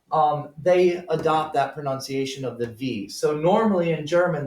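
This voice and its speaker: A man teaching a German class, patiently explaining pronunciation and calling on students by name. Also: fairly high pitch. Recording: roomy classroom from far off.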